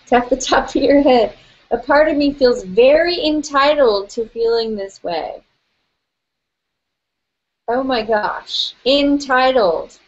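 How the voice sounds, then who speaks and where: A woman with a slightly high voice guides a tapping session at an unhurried pace. Her manner is gentle and playful, with frequent laughter, and the audio sounds dull and a bit lo-fi.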